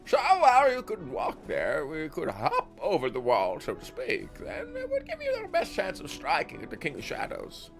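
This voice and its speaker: A man's voice: huge pitch swings, moderate pace, vocal fry, hardly any pauses, full character voice. A man voicing a chatty, eccentric old male sage who lectures in a lifted, theatrical voice. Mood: lecturing. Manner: lecturing, high-pitched and theatrical. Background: faint game music.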